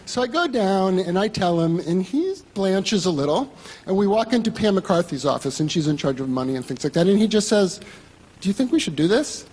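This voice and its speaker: A man with a high, husky voice tells a live stage story in a wry, self-mocking way, cursing freely. His pitch swings widely, rising and falling through each sentence. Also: expressive, a little fast, a little mellow, big-room sound. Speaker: magazine writer telling a story on stage.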